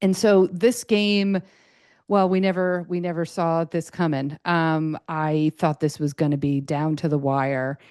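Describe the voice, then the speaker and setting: Middle-aged woman, podcast host, low-pitched, rambling and excitable, close dry mic. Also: unhurried, smooth, no echo. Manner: chatty, excitable, full of fillers and restarts. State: a little choked up, tired. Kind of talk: casual solo podcast chat.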